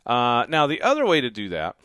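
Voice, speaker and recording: A man teaching drums, calling out bass, snare and crash hits as he plays, then explaining in a relaxed, casual way in a drum studio. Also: brisk, smooth, no room sound. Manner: calls out drum parts loudly, then explains in a quieter casual voice. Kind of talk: demonstrating beats while counting aloud. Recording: loud drums over the voice. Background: drum kit playing.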